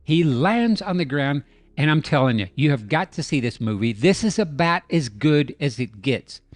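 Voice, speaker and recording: A YouTube host with a slightly high voice and lively intonation breaks down a video comedically, narrating the scene as a playful, joking story at a normal speed. The voice-over is dry with no echo and has faint music behind it.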